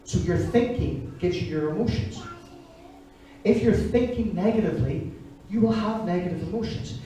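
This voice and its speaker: A man in his forties preaching a sermon, telling stories in an animated way. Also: high voice, moderate pace. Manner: animated storytelling, acting out voices. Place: church service. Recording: echoey church hall from far off.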